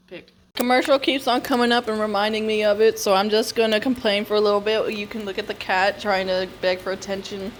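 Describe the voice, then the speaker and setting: A young woman chatting casually at home, ranting and telling stories in an animated way with lots of mild swearing and laughter. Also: mid-range voice, moderate pace, a little hiss or hum, poor audio. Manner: animated, swears and laughs a lot, acts out quotes. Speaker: vlogger. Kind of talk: casual complaining chat. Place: home, on the couch.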